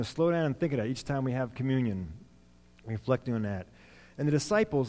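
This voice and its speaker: A lay preacher gives an informal sermon in a church, speaking plainly and conversationally with lots of fillers and restarts. His mid-range voice is mellow, and a long hall reverb surrounds it.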